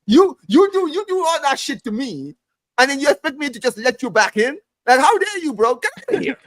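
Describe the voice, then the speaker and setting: A man hosting a casual football podcast, ranting in an animated way, swearing often and restarting his phrases. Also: very high voice, fairly quick, no echo. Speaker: podcast host. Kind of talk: heated casual football chat.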